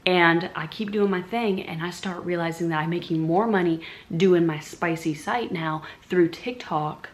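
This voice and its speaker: Young woman vlogger, storytime, chatty and profane, lower-pitched voice. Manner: animated, profane, chatty with viewers. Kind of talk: casual storytime vlog.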